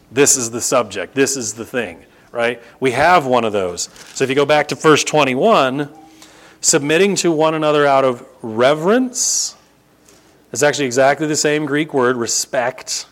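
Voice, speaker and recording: A middle-aged male pastor preaching a sermon. He teaches the congregation emphatically and repeats words for stress. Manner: emphatic, rises to sharp high bursts and repeats "no, no, no"; teaching, explains Greek grammar to the congregation.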